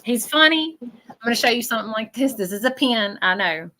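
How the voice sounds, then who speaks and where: A woman's voice: on the high side, lively intonation, a little fast, bright, forceful tone, slight background noise, low-quality recording. A woman working as a psychic medium, giving a live reading in a chatty way and checking in with 'okay?'.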